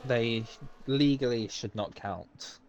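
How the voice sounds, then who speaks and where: A man doing live commentary on an online racing league, chatty and a bit halting, with frequent ums and laughs. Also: mid-range voice, a crowd in the background. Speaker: race commentator.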